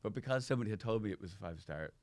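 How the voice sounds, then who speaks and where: Comedian guest, man, low voice, chatty storyteller who restarts a lot, dry studio sound. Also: lively intonation, very fast, a little mellow, no room sound. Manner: rambling anecdotes with many restarts. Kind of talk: casual chat.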